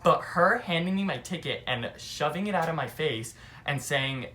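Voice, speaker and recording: A young man telling a casual storytime, animated and filled with "like" between phrases. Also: on the high side, normal speed, slight background noise. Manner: animated, heavy use of "like". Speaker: vlogger.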